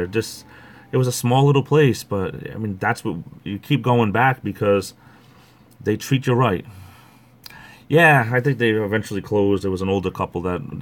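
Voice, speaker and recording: A middle-aged man, hosting a livestream and chatting casually in a rambling way. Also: lowish voice. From Rhode Island. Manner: rambling, chatty, greets viewers by name. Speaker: livestream host. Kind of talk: casual chat.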